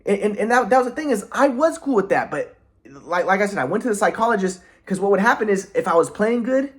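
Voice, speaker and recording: A man's voice: high-pitched, expressive, fast talker. A man in a rambling personal monologue who sounds aggrieved, often restarts his sentences, and swears. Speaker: vlogger.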